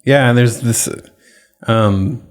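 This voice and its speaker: A man's voice: medium pitch, takes it slowly, soft background music. A man co-hosting a podcast, bantering casually with joking asides and hesitant fillers. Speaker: podcast co-host.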